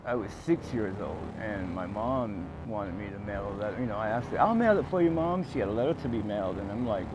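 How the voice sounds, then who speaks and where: A man's voice: fairly low pitch, a little fast, hardly any pauses, muffled recording, noisy background. A man playing a video game and telling a rambling, profane tall tale full of fillers. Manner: rambling, profane, fillers, acts out scenes loudly. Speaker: gaming streamer. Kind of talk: tall-tale comedic storytelling over gameplay. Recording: game music underneath. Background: game music.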